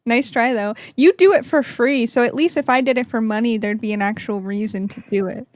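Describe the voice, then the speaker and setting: A woman's voice: fairly high pitch, a little fast, no echo. A woman appearing as a guest on a casual livestream, blunt and mocking, swearing freely.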